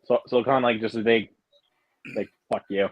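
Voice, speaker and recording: A man's voice: medium pitch, level tone, moderate pace, highs cut off. A young man chatting casually during a movie watch-along, joking and adding apologetic asides. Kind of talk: casual chat.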